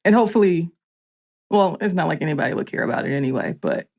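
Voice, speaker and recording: A woman from Georgia chats as a guest on a podcast, her voice sitting a little low. She talks loosely, stringing thoughts together with "like" after "like.". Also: lively intonation, quick pace, creaky, a little mellow. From Georgia, USA. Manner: chatty, filler-heavy with frequent "like". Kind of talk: casual podcast chat.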